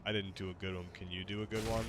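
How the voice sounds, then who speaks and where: A man's voice: low voice, little pitch movement, fast, fairly bright tone, slight background noise. A man streaming a game, exclaiming in panic and joking with his AI companion. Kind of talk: casual game commentary.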